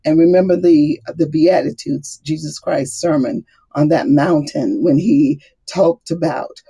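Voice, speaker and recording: A woman's voice: low-pitched, unhurried, dark tone, breathy edge. A middle-aged woman giving a casual faith talk, laughing often and acting out the voices she quotes. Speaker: Bible study speaker.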